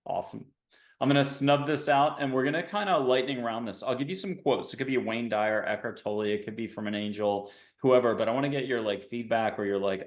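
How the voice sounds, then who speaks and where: A man hosts a casual interview, rambling from one thought to the next and slipping in dad jokes. His voice sits at a middle pitch and rings a little in an echoey room. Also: fairly quick. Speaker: podcast host. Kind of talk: casual video-call interview.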